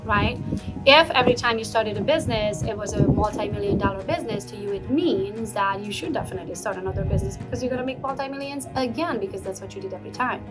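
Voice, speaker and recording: A woman's voice: mid-range voice, fast, over loud music, low-quality recording. A woman hosting her own business vlog, chatting and giving upbeat motivational advice with frequent laughs. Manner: energetic, chatty, laughs often. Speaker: entrepreneur vlog host.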